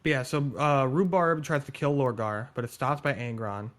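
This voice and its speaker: A man in casual chat, excitedly explaining game lore, swearing and going on tangents. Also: medium pitch, moderate pace.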